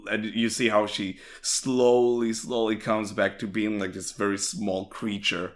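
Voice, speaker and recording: A man with a very low voice co-hosts a casual discussion podcast. He gushes with enthusiasm, swears freely and strings thoughts together with plenty of filler words. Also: level tone, unhurried. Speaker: podcast co-host.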